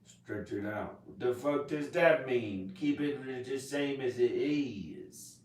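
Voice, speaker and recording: A man rambling to camera in a casual monologue, jumping between topics with sudden loud laughing outbursts. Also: mid-range voice, takes it slowly, recorded from a distance. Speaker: vlogger. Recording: echoey room, voice off mic.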